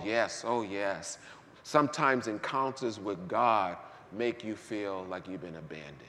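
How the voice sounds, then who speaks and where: Animated preacher man in a reverberant hall. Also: on the low side, unhurried. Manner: animated preaching, swings from hushed to shouting. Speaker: pastor. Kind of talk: sermon. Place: church sanctuary.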